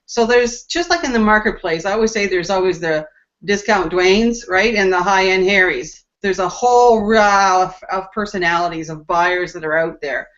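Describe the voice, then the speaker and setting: A panelist in a casual group chat, this woman talks at a medium pitch and moderate pace with a slightly bright tone. She makes her point through numerous examples, and the video call audio comes across dull and lo-fi.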